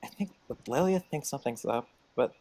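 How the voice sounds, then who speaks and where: A man's voice: mid-range voice, expressive, moderate pace, warm tone, a little hiss or hum. A man in a tabletop game session, talking in character, stumbling and repeating words. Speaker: player. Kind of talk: tabletop role-play in character.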